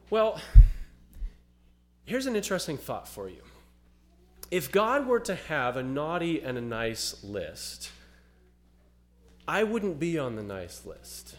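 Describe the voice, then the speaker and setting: A man preaching an earnest Christmas sermon as a pastor, growing louder when he reads scripture. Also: a little high.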